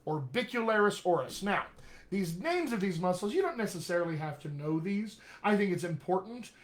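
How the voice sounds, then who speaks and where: A man's voice: high-pitched, fairly quick. Upbeat man coaching live with frequent check-ins. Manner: energetic, jokey, peppered with "all right?". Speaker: dialect coach. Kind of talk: live-streamed coaching talk. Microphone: webcam or computer mic on a live video stream.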